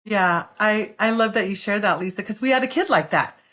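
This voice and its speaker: A woman's voice: medium pitch, a little fast, a bit bright. A woman co-hosting a podcast about parenting, speaking earnestly and encouragingly and laughing often. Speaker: podcast co-host, mother. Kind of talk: casual chat.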